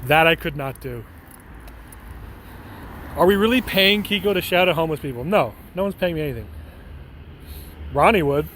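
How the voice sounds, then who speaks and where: Fairly high in pitch and a bit bright, this streamer's voice is animated and moves at a moderate pace with long pauses. He's outdoors at night on a city street, answering viewer messages in a rambling, jokey way that often dissolves into laughter, with faint traffic and street ambience in the background.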